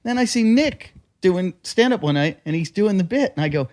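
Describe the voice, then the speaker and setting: A man hosting a casual podcast who tells crude, rambling stories and wanders between topics. His voice sits a little higher than most men's. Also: expressive, normal speed, a little mellow. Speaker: podcast host.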